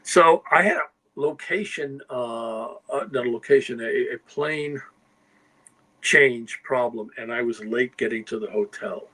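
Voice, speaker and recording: A man's voice: medium pitch, measured pace, pushed and bright, breathy edge, rough recording. An older man, a guest writer, telling anecdotes in a rambling conversational way, often checking in with "you know" and "okay?". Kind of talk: casual anecdotal storytelling.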